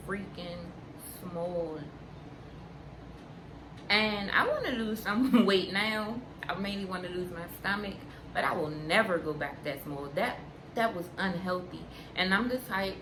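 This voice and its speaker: A young woman vlogger chatting candidly to camera, unhurried and frank, repeating her points for emphasis. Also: mid-range voice. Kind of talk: candid casual chat to camera. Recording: roomy sound with steady background noise.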